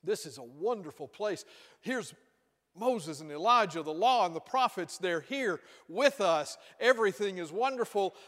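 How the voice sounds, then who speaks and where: Eager gushing disciple voiced by a man, high voice, long hall echo. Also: a bit bright. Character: excited eager male disciple, talking over others. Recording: reverberant hall.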